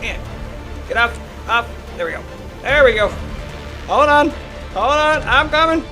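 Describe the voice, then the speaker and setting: A man's voice: very high-pitched, lively intonation, unhurried, pushed and bright, faint music behind. A man livestreaming a game, talking casually and frantically urging and exclaiming as he plays. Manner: casual, says "dude" and "bro". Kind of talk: live gameplay commentary.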